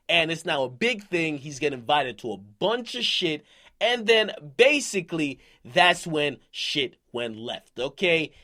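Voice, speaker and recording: Brash, high, lively-voiced man commentator. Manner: brash, profane, streetwise slang. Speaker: hip-hop news commentator. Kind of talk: commentary recapping and reading out an interview.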